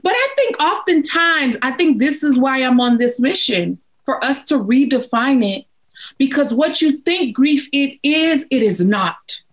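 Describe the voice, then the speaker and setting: A woman's voice: high-pitched, lively intonation, a little slow, rough recording. A woman guest giving grief advice in an interview, emphatic, repeating phrases for emphasis.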